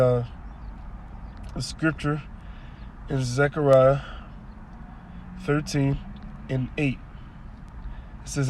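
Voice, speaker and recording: A man's voice: mid-range voice, darkish tone, slight background noise. A man preaching, reading verses aloud and then explaining them line by line with strong emphasis. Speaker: scripture teacher.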